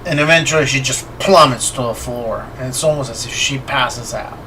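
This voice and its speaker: A man narrating as game master of a tabletop horror game, unhurried and filling pauses with fillers. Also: mid-range voice, bright, forceful tone, far from the mic, slight background noise, rough recording.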